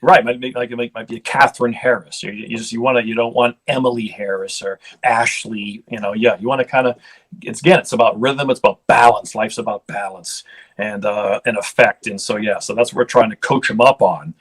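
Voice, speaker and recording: A man's voice: fairly low pitch, fairly even intonation, a little fast, husky. A man in his fifties, from Ohio, telling casual stories as a guest, chatty and rambling with restarts. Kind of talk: casual storytelling.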